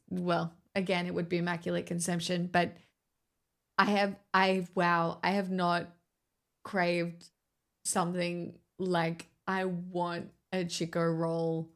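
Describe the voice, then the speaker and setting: An Australian woman chatting casually on a livestream, rambling and swearing freely as she reacts to chat. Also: medium pitch.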